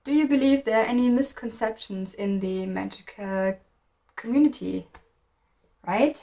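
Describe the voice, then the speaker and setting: A woman's voice: fairly high pitch, unhurried, gravelly, warm tone, muffled recording. A woman from Germany talking casually to camera in a vlog, rambling, often restarting sentences and stopping to search for words. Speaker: video creator.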